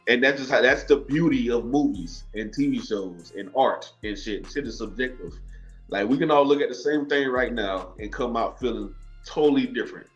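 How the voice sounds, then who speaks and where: A man's voice: medium pitch, moderate pace. A man from South Carolina with a Southern accent, tipsy, rambling and swearing freely as a guest on a casual podcast. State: tipsy from drinking. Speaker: guest, movie reviewer. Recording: dull lo-fi sound with faint music.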